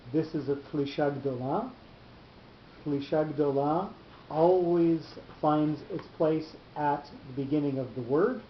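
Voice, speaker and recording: A man teaching a Bible class on cantillation marks, explaining each reading mark in a halting way and often repeating his words. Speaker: Torah teacher. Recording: roomy, dull lo-fi recording with faint rumble.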